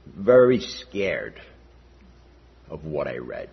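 A man's voice: rumbling low, very animated, drawn-out words, gravelly, slightly rough. An older man giving a personal testimony at a church gathering, talking conversationally and often checking in with "all right?". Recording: dull lo-fi recording.

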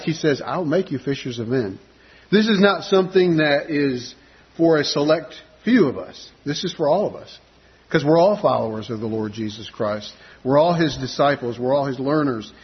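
A man's voice: a little high, husky, muffled recording. A man preaching a conversational sermon, with frequent fillers and restarts.

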